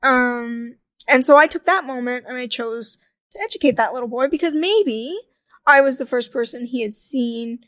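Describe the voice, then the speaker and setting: Chatty young woman, bright and close. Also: high voice, moderate pace, no room sound. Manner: chatty, frequent "like" fillers, laughs often. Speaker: podcast guest. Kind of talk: casual conversational interview.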